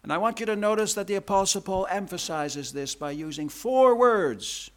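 A male pastor delivers a sermon at a moderate pace with lively intonation, hammering key words and repeating himself. His preaching is emphatic, swinging widely in both pitch and volume.

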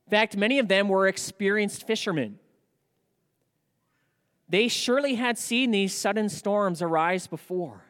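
A male pastor preaching a sermon in a church, animated and asking rhetorical questions. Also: sits high, unhurried, pauses often, long reverb tail.

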